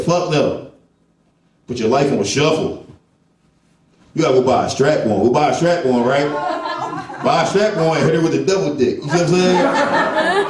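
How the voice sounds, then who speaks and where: Profane man riffing on stage. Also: fairly high pitch. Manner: profane, rhetorical, slangy. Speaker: stand-up comedian, headliner. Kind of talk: stand-up comedy set. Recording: echoey club from far off, crowd audible.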